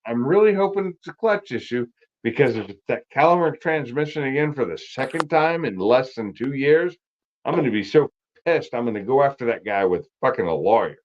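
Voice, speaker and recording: A man's voice: mid-range voice, lively intonation, brisk, highs cut off. Blunt man swearing through casual chat. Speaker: guest on a car livestream.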